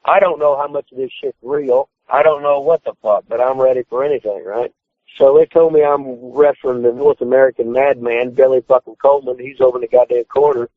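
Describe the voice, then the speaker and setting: This retired pro wrestler phones into a podcast and rattles off stories briskly in a steady, mid-range voice, swearing all the while and shouting out his own quotes. The line is tinny and dry, with no echo.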